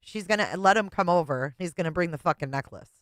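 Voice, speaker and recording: A woman's voice: on the low side, quick pace, no echo. A woman hosting a live stream, giving blunt, sarcastic commentary and swearing casually. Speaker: host. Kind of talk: live commentary over a played clip.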